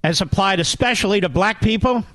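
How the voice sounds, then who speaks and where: A man's voice: sits high, fairly quick, a bit bright, no echo. A man hosting a political talk radio show, delivering a combative, sarcastic monologue.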